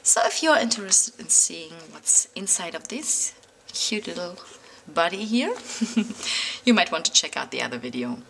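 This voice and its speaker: Bright-voiced German woman vlogger, casual and hesitant, lively intonation. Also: on the low side, measured pace, creaky, slight background noise. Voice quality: audible lip smacking. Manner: chatty, hesitant, many ums and little laughs. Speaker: planner vlogger. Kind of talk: casual talk to camera.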